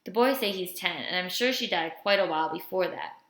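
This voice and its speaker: A woman's voice: on the low side, lively intonation, brisk, fairly bright tone. A woman reading the part of a jovial older man who keeps teasing and joking, recorded in a roomy space. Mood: musing. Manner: joking, drawling teases. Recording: roomy echo.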